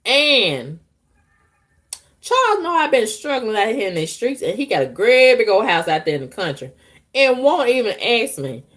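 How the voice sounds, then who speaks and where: A woman vlogging, telling her viewers a story in a blunt, profane, animated way. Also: a little high, moderate pace.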